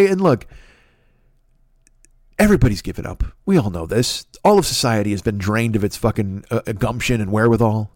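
A man's voice: lowish voice, a little mellow, no room sound, clean studio sound. A middle-aged man hosting a podcast, ranting comedically and rambling, swearing a lot and jumping to exasperated outbursts. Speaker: podcast host. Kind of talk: profane comedic rant.

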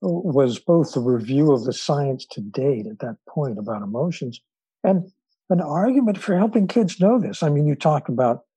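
A man, an author and guest, telling stories in an interview in a measured way with frequent fillers. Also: medium pitch, warm tone, slightly rough, dry recording, poor audio. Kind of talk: storytelling in an interview.

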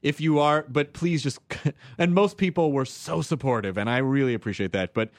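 A man hosting a podcast, telling stories in animated, profane casual chat. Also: medium pitch, normal speed, no room sound. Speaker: podcast host.

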